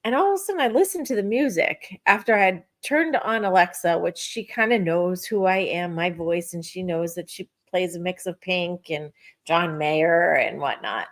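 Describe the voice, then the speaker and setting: A middle-aged woman telling a personal story in casual spiritual chat, animated and acting out her own thoughts. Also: lowish voice, moderate pace. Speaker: podcast co-host.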